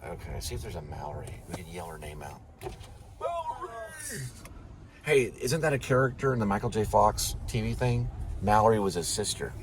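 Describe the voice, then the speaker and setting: A man's voice: lowish voice, expressive, quick pace. A man chatting casually while driving with his wife, rambling and joking as he goes. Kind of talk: casual chat in a car. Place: inside a moving car. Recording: noisy car recording.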